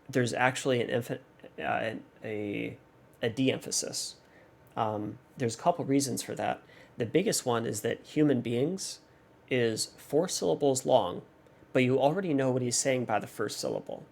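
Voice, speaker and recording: A man's voice: medium pitch, lively intonation, measured pace, gravelly. A man hosting a music reaction channel, analyzing a song in a thoughtful, hesitant way with many fillers and restarts.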